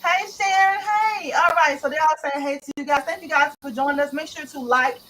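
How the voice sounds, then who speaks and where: A woman's voice: high voice, a little fast, a bit bright, a little hiss or hum, low-quality recording. A woman hosting an online author livestream in a playful, laughing, slangy chat style, greeting viewers one by one.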